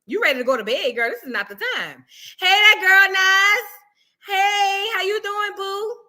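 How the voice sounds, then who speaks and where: A high-pitched woman with a New Orleans accent, hosting a loose livestream chat. Her voice is bright and forward, and she talks in an animated, playful way as she greets her viewers one by one. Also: unhurried. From New Orleans, Louisiana. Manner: animated, playful, calls viewers boo and girl. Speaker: livestream host.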